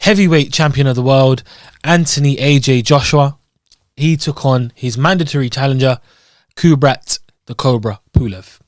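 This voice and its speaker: A man's voice: medium pitch, normal speed, dry recording, clean studio sound. A man from Scotland co-hosting a podcast, chatting casually about food and then presenting boxing news. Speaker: podcast co-host. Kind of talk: casual chat.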